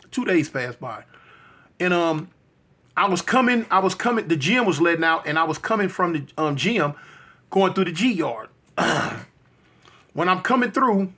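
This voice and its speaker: A man's voice: sits high, a bit bright. A man telling a personal story in a casual, slangy, conversational way, often checking in with the listener. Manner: slangy, conversational, frequent "you know what I'm saying".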